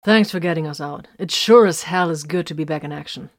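A woman's voice: sits low, a little fast, no room sound, clean studio sound. A woman voicing a jovial, white-bearded old male sergeant of an armored warrior band, bluff and condescending.

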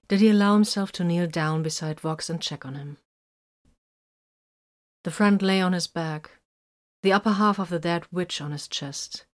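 A woman reading a story aloud in a steady, measured narration. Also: on the low side.

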